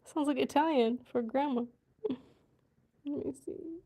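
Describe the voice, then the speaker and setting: High-voiced giggly woman sounding out words. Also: measured pace, dark tone. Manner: giggly, sounding out new words aloud, muttering to herself. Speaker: vlogger learning a language. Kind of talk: casual learning vlog.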